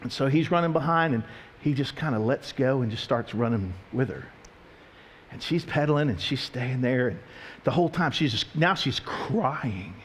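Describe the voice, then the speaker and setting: A man's voice: medium pitch, normal speed, breathy edge. A pastor preaching a sermon, telling stories and asking his congregation questions. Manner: animated storytelling, questioning the congregation.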